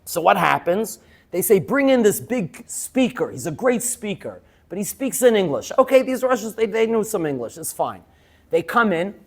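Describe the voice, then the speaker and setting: Animated man telling stories in a class. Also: high voice, moderate pace, vocal fry. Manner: lively storyteller, keeps asking "yes?"; laughs while telling stories. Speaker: teacher. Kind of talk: lecture to students.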